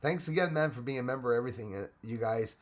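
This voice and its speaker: A man's voice: mid-range voice, fast talker. A man hosting a live stream, chatting casually and greeting viewers by name, rambling with frequent restarts. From Canada.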